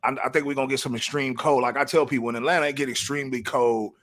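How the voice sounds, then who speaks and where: A middle-aged podcast co-host talks in a laid-back way packed with street slang, frequently restarting his sentences. His medium-pitched, fairly bright voice races along with fairly even intonation.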